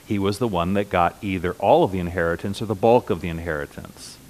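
A middle-aged man with a slightly low voice delivers a sermon to his congregation. He teaches in a conversational way, slowing down and repeating key phrases for emphasis. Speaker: pastor.

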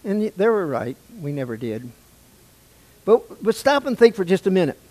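A man's voice: high voice, very animated, normal speed, mellow. An older man preaching a sermon to his church, asking the congregation questions in a conversational way. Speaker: pastor. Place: church sanctuary.

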